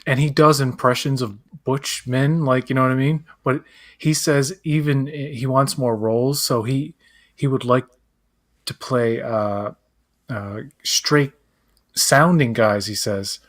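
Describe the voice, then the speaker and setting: A man's voice: mid-range voice, fairly even intonation, takes it slowly, a bit bright. A man co-hosting a live pop-culture chat, rambling, acting out quotes and searching aloud for names. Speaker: co-host. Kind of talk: casual chat.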